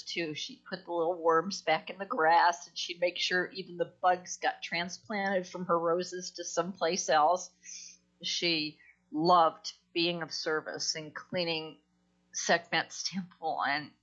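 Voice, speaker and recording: A woman's voice: low voice, bright, forceful tone, highs cut off. A woman giving a heartfelt memorial tribute over a video call, tearful and close to crying. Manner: emotional, heartfelt. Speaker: mourner giving a eulogy.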